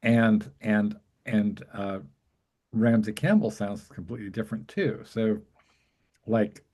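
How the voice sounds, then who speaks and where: A man hosting a casual chat, talking in an excited, rambling way with frequent laughs. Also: on the low side, takes it slowly. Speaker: host.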